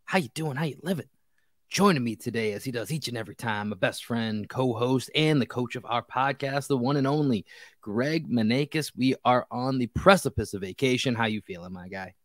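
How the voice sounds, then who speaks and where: A man's voice: medium pitch, a little fast, no echo. A man hosting a casual sports podcast, upbeat and chatty, talking with his co-host.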